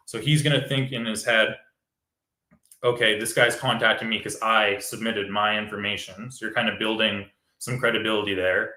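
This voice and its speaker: A man's voice: on the low side, fairly even intonation, moderate pace, bright, forceful tone, reverberant. A man, a real estate wholesaler, explaining step by step in casual chat and acting out sample phone calls.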